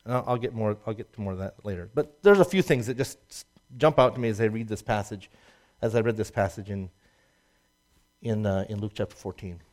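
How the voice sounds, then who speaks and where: A man preaching a sermon, swinging from loud emphatic rises to low asides and laughing at his own jokes. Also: fairly quick. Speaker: pastor.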